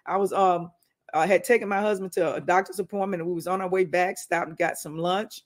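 A woman's voice: on the low side, fairly even intonation, brisk. Woman preaching in a chatty storytelling way. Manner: conversational, tells personal stories, calls out to listeners. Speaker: minister teaching a weekly wisdom segment. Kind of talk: preaching-style teaching talk.

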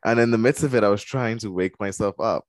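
A man co-hosting a casual podcast chat, telling stories in an animated way with quoted voices. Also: lowish voice, fairly quick, no room sound. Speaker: podcast co-host.

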